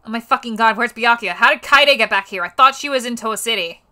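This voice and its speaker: A woman's voice: a little high, quick pace, pushed and bright. A young woman on a livestream reading a fanfiction aloud for laughs, stumbling over words and breaking off into exasperated, cursing asides. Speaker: streamer.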